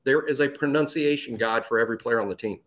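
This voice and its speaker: A man's voice: mid-range voice, fast talker, fairly bright tone. A man co-hosting a sports podcast, chatting casually and animatedly, often repeating words as he thinks. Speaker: podcast co-host.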